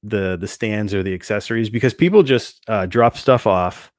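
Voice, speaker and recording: A man's voice: on the low side, moderate pace, dry recording, studio quality. A man co-hosting a toy podcast, telling stories in a rambling, hesitant casual chat.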